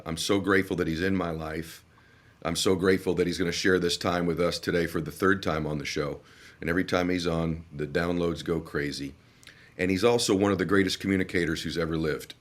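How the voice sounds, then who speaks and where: A man hosting a podcast, earnest and openly emotional as he introduces and questions his guest. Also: low-pitched. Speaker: podcast host. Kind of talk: conversational interview.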